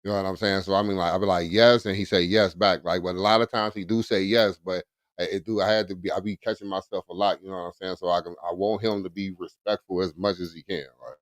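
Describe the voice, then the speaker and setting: A man's voice: low-pitched, steady tone, fast talker, no echo, clean studio sound. A man chatting casually as a podcast co-host, laid-back and repeating "you know what I'm saying". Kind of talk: casual chat.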